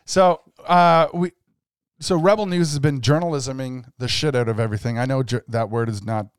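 A laid-back, agreeable man co-hosts a podcast, chatting casually and laughing often. His mid-range voice is clear and resonant, with fairly even intonation and a moderate pace, captured in a clean studio with no room sound.

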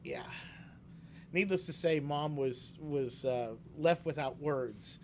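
Speaking slowly in a slightly high voice, a man co-hosting a casual chat tells animated stories and shouts out quoted lines in a raised voice. There's slight background noise.

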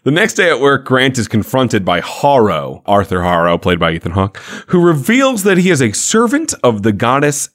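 A man's voice: medium pitch, sing-song, normal speed, few pauses, fairly bright tone. A man co-hosting a podcast, recapping a TV episode in a loose, profane, joking way. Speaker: podcast co-host. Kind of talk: casual chat recapping a TV episode.

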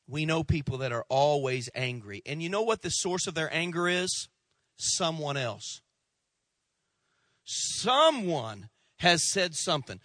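Pastor guy preaching with jokey stories, high bright voice, dry sound. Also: dry recording. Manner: animated, humorous storytelling. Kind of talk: sermon.

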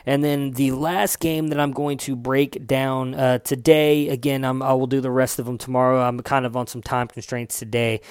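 With a mid-range voice that barely moves in pitch, this young fantasy football host talks at a moderate pace with few pauses. The studio-quality recording is clean and echo-free, and his casual sports chat includes occasional swearing and self-corrections as he goes through stats.

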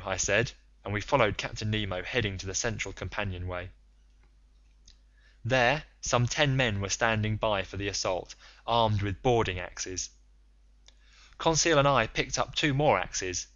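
A man's voice: lowish voice, unhurried, fairly bright tone, no room sound, dull audio. A man reading a first-person adventure novel aloud, telling it in an earnest, dramatic way. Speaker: audiobook narrator. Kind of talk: first-person audiobook narration.

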